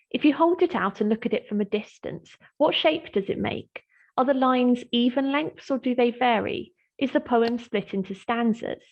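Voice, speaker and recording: A woman lecturer in English literature giving a scripted lesson on poetry, explaining in a clear, measured way. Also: on the high side, muffled recording. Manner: clear, measured explanatory delivery, slowing to read verse aloud.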